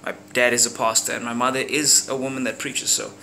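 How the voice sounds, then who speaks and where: A young man from South Africa with a South African accent, telling a profane, animated story in a casual vlog at home. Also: medium pitch, brisk, creaky, a little hiss or hum. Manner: animated, profane, slangy, acts out characters with sound effects. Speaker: vlogger. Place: room at home.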